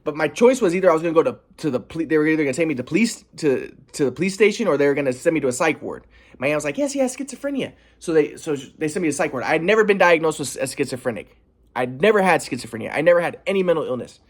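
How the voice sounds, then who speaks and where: A young man telling a personal story in a vlog, earnest and aggrieved, stressing how calm he stayed. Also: on the high side, rapid-fire. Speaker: vlogger.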